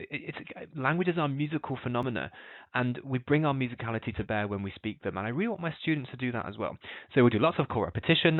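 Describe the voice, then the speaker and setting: A man's voice: on the low side, no room sound. A man, a language teacher trainer, explains lesson ideas with enthusiasm and many fillers. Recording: dry, tinny phone-like audio.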